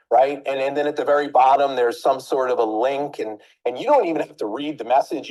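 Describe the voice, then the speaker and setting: Warm-voiced woman coaching a team. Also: rumbling low, low-quality recording. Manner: animated, addresses listeners directly with rhetorical questions. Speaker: business coach. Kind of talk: coaching talk with storytelling.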